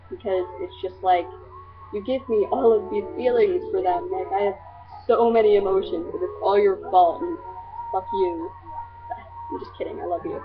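A teenage girl vlogging casually to her friends, gushing and rambling with lots of fillers. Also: mid-range voice. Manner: gushing, scattered, filler-heavy. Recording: tinny lo-fi webcam audio.

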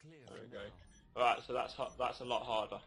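A man playing a co-op game with a friend, teasing him in relaxed, laid-back chat. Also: mid-range voice, a little fast, crowd noise. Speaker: co-player. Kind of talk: casual co-op gaming commentary. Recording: clear background noise.

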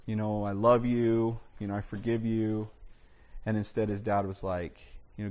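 A man's voice: on the low side, little pitch movement, normal speed, darkish tone. A male pastor preaching a sermon, telling stories in a conversational way with many restarts and asides. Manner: conversational storytelling with frequent "you know" and restarts.

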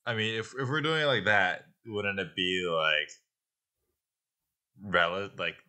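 A man co-hosting a history podcast, cutting in with halting, hesitant remarks. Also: low voice, sharp tone. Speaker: podcast co-host.

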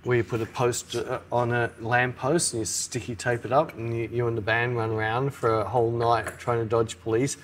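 A man's voice: mid-range voice, moderate pace, few pauses, slight background noise. A middle-aged man, co-hosting a casual podcast chat and acting out little quotes as he tells stories. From Australia. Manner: animated storyteller, acts out quotes. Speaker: podcast co-host.

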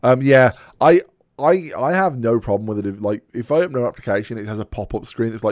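A man's voice: medium pitch, expressive, fairly quick, a little mellow, no room sound, clean studio sound. Blunt, swearing male podcast host. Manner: ranting, blunt and profane. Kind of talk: casual podcast chat.

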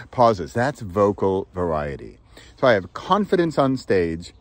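Playful man, very lively pitch. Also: slow, no room sound. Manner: playful, animated, swings pitch and pace for effect; laughs between phrases. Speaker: author and audiobook narrator, video host. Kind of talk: casual talking-head vlog.

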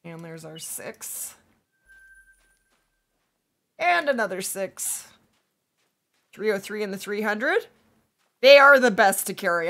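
A woman hosting a hunting-game livestream, chatting casually with viewers and reading their messages aloud, her voice going hoarse from days of streaming. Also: mid-range voice, expressive, bright, forceful tone. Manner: upbeat, chatty, reads chat aloud, quick to laugh. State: losing her voice. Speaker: livestream gaming host. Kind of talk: casual livestream chat while playing.

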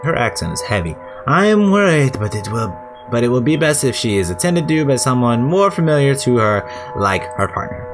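A man's voice: medium pitch, very animated, normal speed, over music. Irreverent, rambling male gamer. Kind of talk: casual let's-play commentary.

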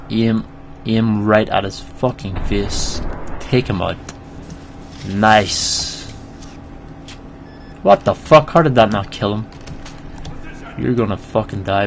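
A young man commentating his own gameplay, swearing freely and shouting at enemies as he plays. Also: lowish voice, vocal fry. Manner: sweary, excitable, talks to enemies. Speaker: let's play gamer. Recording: noisy home mic recording.

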